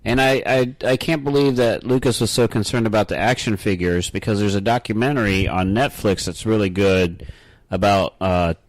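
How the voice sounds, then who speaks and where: A man's voice: on the low side, steady tone, normal speed, rough recording. A man co-hosting a podcast, chatting and joking with incredulous asides. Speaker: podcast co-host. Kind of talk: casual chat.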